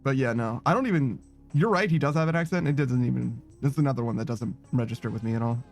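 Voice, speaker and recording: A man's voice: mid-range voice, quick pace, soft background music. A man streaming a game, chatting casually and rambling with many fillers. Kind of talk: casual chat while gaming.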